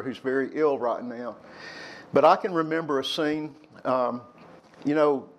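Older man telling candid stories. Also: a little high. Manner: candid, rambling, acts out quarrels in a raised voice. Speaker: speaker addressing young people. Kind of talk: personal storytelling talk.

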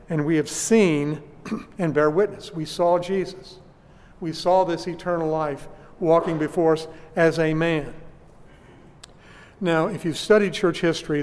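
Man preaching in an echoing hall. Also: on the high side. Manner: deliberate teaching with frequent restarts. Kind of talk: sermon. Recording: long hall reverb.

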